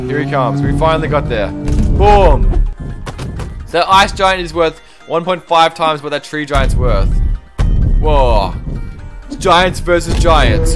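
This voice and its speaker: Excitable young male game streamer. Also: a little high. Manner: chatty, reads viewer comments aloud, excitable exclamations. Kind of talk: live-stream gameplay commentary.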